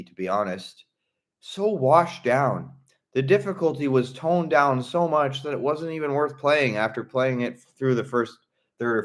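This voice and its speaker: A man's voice: mid-range voice, a bit bright. A young man streaming, chatting casually about video games in a blunt, profane way and laughing often.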